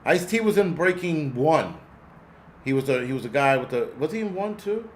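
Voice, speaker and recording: This is a man in his forties hosting a casual livestream, rambling profanely and talking back to his chat. His voice is a little high with lively intonation at a normal speed. There's slight background noise.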